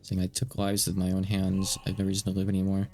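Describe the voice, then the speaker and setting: Man doing a guilt-wracked detective turned killer, deep voice, gravelly edge, halting and stammering, live game translation. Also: completely flat delivery, a little mellow, faint music behind. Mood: despairing.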